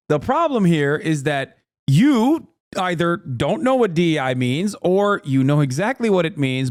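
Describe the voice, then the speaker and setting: A man's voice: fairly high pitch, a little mellow, dry recording, clean studio sound. A man hosting a casual reaction stream, talking in a crude, mocking, profane way. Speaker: streamer host.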